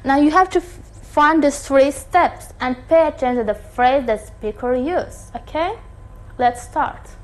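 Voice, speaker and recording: Slow high-voiced woman teaching English. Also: low-quality recording. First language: Turkish. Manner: slow, deliberate teacher talk with frequent checks. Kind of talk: online lesson.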